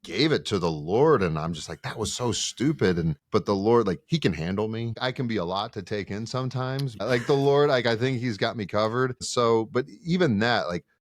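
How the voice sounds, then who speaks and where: A seminarian talking in a casual podcast chat, telling stories with lively acted-out dialogue. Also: male voice, lowish voice, moderate pace, few pauses, no echo, studio quality. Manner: animated storyteller who acts out quoted dialogue.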